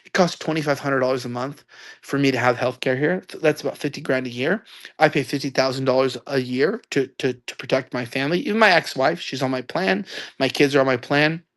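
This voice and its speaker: A young man in his twenties telling a story loudly, ranting and acting out quoted lines. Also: mid-range voice, a little fast. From United States. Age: 20s. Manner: loud, ranting, acts out quotes. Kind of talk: animated storytelling.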